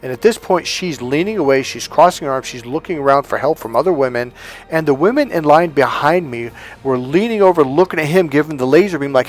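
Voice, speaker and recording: A man's voice: fairly high pitch, expressive, fairly quick, soft background music. A man giving an emphatic coaching talk on dating, telling anecdotes and acting out the quotes. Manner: emphatic, storytelling, acts out quotes.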